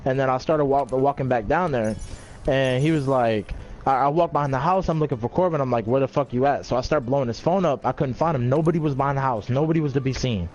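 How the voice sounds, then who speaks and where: A man's voice: mid-range voice, fast talker, a little mellow. A man telling a long story in casual chat, rambling with many fillers and plenty of swearing.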